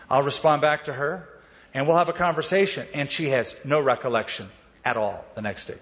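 A middle-aged male pastor giving a sermon, telling stories in a conversational way and speeding up and slowing down as he goes. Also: a little high, expressive, a bit bright. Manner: conversational storytelling, varies pace. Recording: dull sound with long hall reverb.

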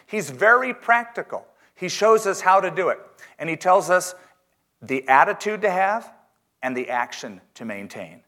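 A man preaching a sermon in church, reading scripture slowly and emphatically, with joking asides. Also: sits high, big pitch swings, a bit bright. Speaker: pastor.

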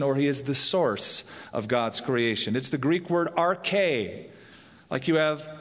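A man's voice: fairly high pitch, a bit bright. A male pastor preaching a sermon, explaining scripture in a storytelling manner. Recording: long hall reverb.

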